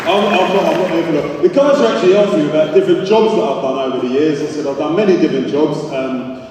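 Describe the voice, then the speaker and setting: A male stand-up comedian with a fairly high voice, telling chatty, punchy stories with quick asides. He is heard from far back in a large hall, with long reverb and a loud crowd around him. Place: large concert hall with a live audience. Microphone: stage microphone recorded from the audience. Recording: distant, echoey hall recording with crowd noise.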